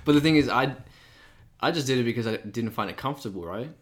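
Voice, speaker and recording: A young man co-hosting a podcast, talking casually and thoughtfully with a croaky, sore voice. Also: medium pitch, animated, fast talker. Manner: thoughtful, rambling with restarts. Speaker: podcast co-host. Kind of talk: casual chat.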